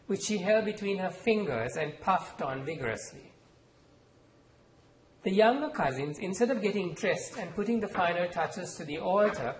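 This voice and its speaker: A man from Sri Lanka, reading aloud from his novel in a measured, expressive storytelling manner at a university event. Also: on the high side, roomy sound, a little hiss or hum, low-quality recording. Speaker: author. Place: lecture hall at a university event.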